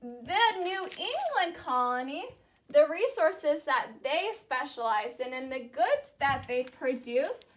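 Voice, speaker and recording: A young woman teaching a class in a slow, clear way, saying key words and having students repeat them after her. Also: high-pitched, big pitch swings, slight background noise. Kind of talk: classroom lesson with call-and-response.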